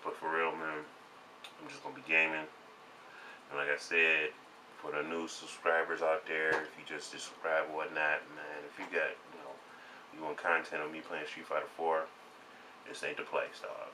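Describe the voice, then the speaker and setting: A man's voice: a bass voice, moderate pace. A man with a boastful, profane manner, ranting in a casual gaming vlog. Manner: boastful, profane, repeats himself. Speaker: gaming vlogger. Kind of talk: casual rant to camera. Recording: distant mic with steady background noise.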